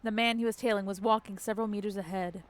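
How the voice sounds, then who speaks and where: A woman's voice: medium pitch, fairly even intonation, quick pace. A woman streaming a story game, reading the text aloud and chatting casually with the odd swear. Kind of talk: casual let's-play narration.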